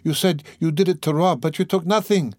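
A man's voice: brisk, a little mellow, no echo, studio quality, natural voice. A man reading an audiobook, voicing a distraught, bewildered young woman with a raised, tearful, pleading voice. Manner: high, tearful, urgent pleading. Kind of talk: audiobook character voice.

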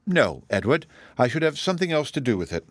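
A man's voice: mid-range voice, big pitch swings, a little fast, no echo, voice pushed up, lightly acted. A man voicing an ardent, earnest young woman in an audiobook reading, speaking with impassioned emphasis.

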